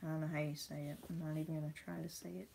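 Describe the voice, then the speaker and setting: A woman's voice: low voice, level tone, very fast, gravelly, warm tone, a little hiss or hum. A young woman chatting casually as she unboxes toy horses, rambling and reading bits of text aloud. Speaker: vlogger.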